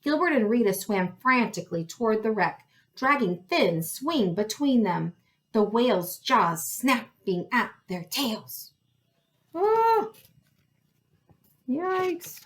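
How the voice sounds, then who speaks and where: A woman reading a storybook aloud, unhurried and deliberate, her voice rising and falling a lot. She stops for little asides to her listeners between the pages. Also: mid-range voice. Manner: expressive, adds asides to listeners. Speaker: storybook reader. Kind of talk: reading a picture book aloud.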